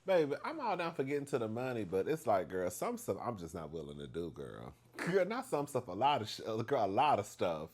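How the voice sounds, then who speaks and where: Male vlog host, casual storytime gossip, very expressive sing-song delivery, quick to laugh. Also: on the low side, music in the background. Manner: animated and gossipy, keeps calling the listener "girl"; laughs often between lines.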